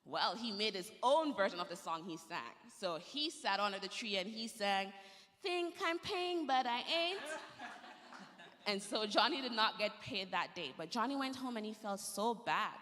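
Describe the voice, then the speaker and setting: A woman telling a story to children during a church service, gentle and lively, in a church sanctuary. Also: mid-range voice, normal speed, big-room sound.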